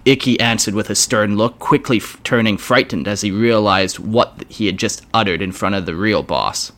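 A man's voice: lowish voice, normal speed, few pauses. A man casually reading a fantasy fan story aloud, with wry, joking asides. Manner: lively, wry asides with swearing. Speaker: story reader.

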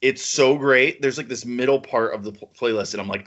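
A man's voice: medium pitch, a little fast, a bit bright, lo-fi sound. A man co-hosting a casual podcast chat, enthusiastic and rambling with lots of fillers. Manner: chatty, enthusiastic, with lots of "like" and "you know". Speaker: podcast co-host.

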